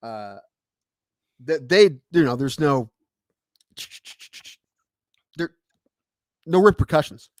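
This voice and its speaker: A man's voice: a little high, slow, long pauses, no room sound, clean studio sound. A man in his thirties, a podcast co-host and umpire, telling stories in casual chat and acting out quoted voices. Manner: storytelling, animated quoted voices.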